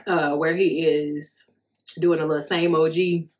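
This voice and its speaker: A woman's voice: deep voice, flat delivery, unhurried, a little mellow. A woman in her thirties hosting a solo podcast, talking candidly and profanely in a casual monologue, often laughing as she tells stories. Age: 30s. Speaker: podcast host.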